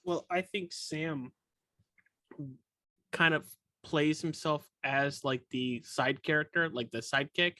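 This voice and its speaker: A young podcast host talks in a loose, rambling way, often catching and correcting their own words and joking along. The voice sits at a middle pitch and is recorded close and dry, with almost no room sound. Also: slow pace, sharp tone, no room sound. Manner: rambling, self-correcting and jokey. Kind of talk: casual podcast chat.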